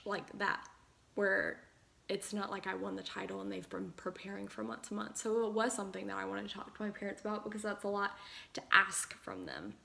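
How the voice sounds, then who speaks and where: A young woman vlogger telling a personal story while doing her makeup at home, chatty and excitable, acting out the people she quotes. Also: mid-range voice, gravelly. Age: young adult. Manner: excited, rapid retelling with quoted dialogue. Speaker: pageant contestant vlogger.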